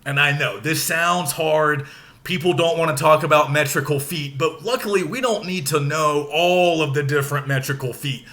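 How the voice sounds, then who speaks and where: A man giving a recorded lecture, with a bright voice that sits a little high. He explains step by step in a relaxed, casual way, with the odd filler. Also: normal speed. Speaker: teacher.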